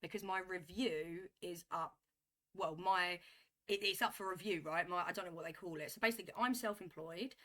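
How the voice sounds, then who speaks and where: A woman telling a story to camera in a vlog, animated and emphatic, repeating herself as she builds a point. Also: on the low side, normal speed. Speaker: vlogger.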